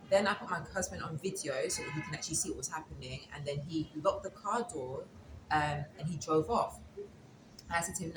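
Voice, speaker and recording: Guest: a woman with a low voice, retelling events and quoting what each person said, recorded in an echoey, noisy room. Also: fast. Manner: retells events with quoted dialogue. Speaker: interview guest. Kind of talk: casual storytelling. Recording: echoey room with background noise.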